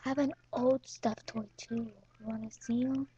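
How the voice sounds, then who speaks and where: A woman's voice: a little high, steady tone, moderate pace, warm tone, a little hiss or hum. A woman filming her cats at home, teasing them in a playful way and meowing at them, recorded on a built-in camera mic. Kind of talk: silly home video chat. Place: at home with pets. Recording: dull lo-fi home video.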